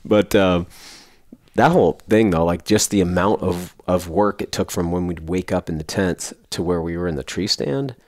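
Male podcast host, low voice, dry close sound, loose chatty storyteller. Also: moderate pace, a little mellow, no room sound. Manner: rambling storyteller, laughs often. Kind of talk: casual chat.

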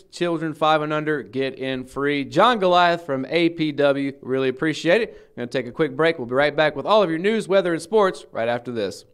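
A local news host with a smooth, clear voice, pitched a little high. He asks his guest friendly, chatty questions and keeps the segment moving. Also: a bit bright. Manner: friendly, conversational questions with many "uh"s. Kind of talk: TV interview.

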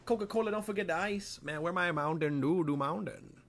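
A young man streaming a shooter game, reacting loudly and swearing at the plays. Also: sits high, fairly quick. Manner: excitable, swearing, yells and laughs at plays. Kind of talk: live game streaming commentary.

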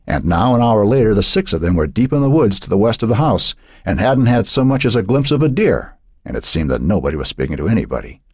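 A deep-voiced man reads an audiobook with lively, expressive storytelling. His tone is husky, and the recording is dry and close. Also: fast, no echo. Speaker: audiobook narrator. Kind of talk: scripted narration.

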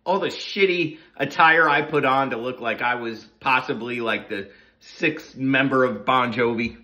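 Forceful, profane ranting man from New Jersey. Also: medium pitch, a little slow. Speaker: host of a morning talk session. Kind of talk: casual ranting monologue.

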